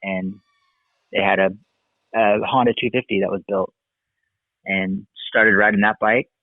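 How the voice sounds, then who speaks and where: A motocross racer and coach, appearing as a guest, tells stories in a casual interview. His lowish voice moves at a measured pace over a tinny, dry line with no room sound. He recollects in a relaxed, rambling way, full of fillers.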